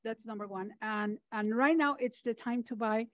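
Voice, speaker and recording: A woman's voice: a little high, normal speed, fairly bright tone, dry recording, lo-fi sound. A woman, a realtor in the audience, answering a question earnestly in a training session. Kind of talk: answering in a class.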